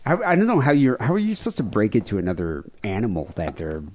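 A low-pitched man co-hosts a podcast in loose casual chat. He is grieving, and his story wanders and swears freely. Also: wildly swooping pitch, fast, a little mellow. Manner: profane, rambling storytelling. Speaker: podcast co-host.

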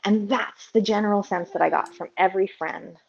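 A woman's voice: medium pitch, fairly even intonation, a little fast, gravelly, breathy edge. A woman, a psychologist and mother, telling her personal story candidly, in earnest speech that stumbles and restarts as she goes. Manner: earnest, tumbling, self-correcting speech. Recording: dull lo-fi audio.

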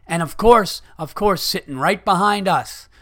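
A man's voice: sits high, a little slow, bright, forceful tone. A man in his thirties hosting a podcast, ranting in a heated, profane comedic way and often restarting his sentences. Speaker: podcast host.

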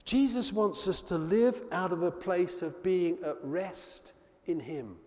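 A man preaching a sermon, telling a story with expressive delivery that drops soft and low on key words. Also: slow. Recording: long reverb of a hall.

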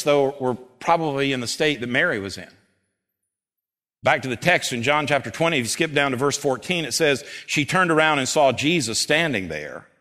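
A man preaching a sermon as pastor at a church service, who swings between loud, urgent stretches and slow, hushed scripture reading. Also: medium pitch. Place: church service before a congregation.

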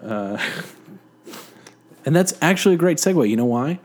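A man's voice: fairly high pitch, expressive, normal speed, darkish tone. Casual male podcast co-host, self-deprecating, rambly, filler-heavy, recorded at home. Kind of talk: casual joking podcast chat. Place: living room.

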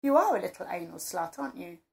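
A calm, commanding man, read by a woman. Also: on the low side, quick pace, vocal fry. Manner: soft, coaxing and controlled.

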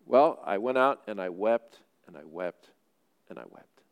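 A man's voice: lowish voice, animated, measured pace, gravelly, clear, resonant tone, pitched below the performer's own voice. A man voicing the apostle Peter as a remorseful fisherman, telling his story in earnest first person. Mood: tender.

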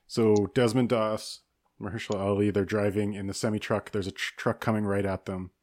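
Male host, low-ish pitch, casual and decisive, dry recording. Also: little pitch movement, fairly quick, darkish tone, no room sound. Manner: decisive, lays out scenarios and rulings. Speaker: podcast host running a hypothetical movie showdown. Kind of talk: casual chat.

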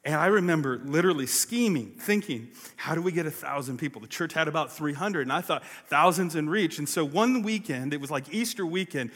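A pastor telling a personal story in a sermon, acting out the voices of the people in it. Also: male voice, a little high, expressive, fairly quick, few pauses, a bit bright. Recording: long reverb of a large hall.

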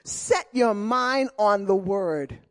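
A middle-aged woman preaching a sermon, telling personal stories in an animated way and repeating key phrases. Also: medium pitch, slow.

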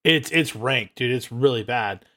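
A man's voice: medium pitch, measured pace, a bit bright. A man co-hosting a wrestling podcast, telling laid-back stories and mimicking voices. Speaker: podcast co-host. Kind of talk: casual chat.

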